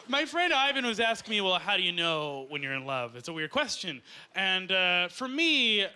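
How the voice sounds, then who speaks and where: A Canadian man doing a stand-up set on a club stage, talking in a deadpan, rambling way with lots of uhs, recorded live with the audience. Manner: deadpan, rambling with many uhs and lively jumps in pitch. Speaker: stand-up comedian. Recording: live club recording with loud audience laughter and ambient noise. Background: audience laughing and applauding.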